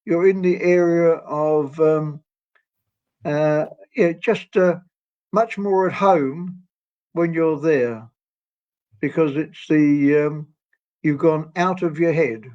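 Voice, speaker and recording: Man in his 80s, guest storyteller, higher pitch, meandering and genial, dull lo-fi sound. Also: slow, pauses often. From England. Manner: gentle, rambling, laughs often. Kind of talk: storytelling interview. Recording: dull lo-fi audio.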